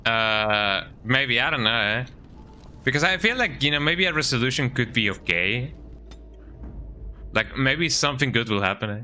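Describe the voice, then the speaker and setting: Bright, chatty game streamer man. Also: mid-range voice, expressive, moderate pace, slight background noise. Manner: chatty, reacts as he goes, tags lines with "eh?". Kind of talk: casual gameplay commentary. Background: game music.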